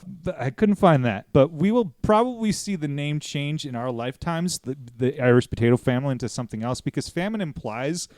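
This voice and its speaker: Rambling, joking American podcast host. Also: male voice, a little high, lively intonation, fairly quick, darkish tone, dry recording. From United States. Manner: rambling, joking, swears casually. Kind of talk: casual podcast chat.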